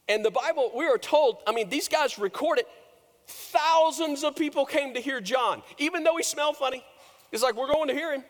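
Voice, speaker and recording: A man preaching a sermon, telling the story with big swings from loud, lifted lines to hushed, low ones. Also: moderate pace, in a large hall. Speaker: pastor.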